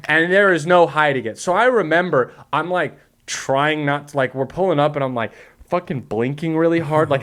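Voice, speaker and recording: A man hosting a podcast, telling a story in casual chat, animated, swearing and laughing often. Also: a little high, normal speed. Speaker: podcast host.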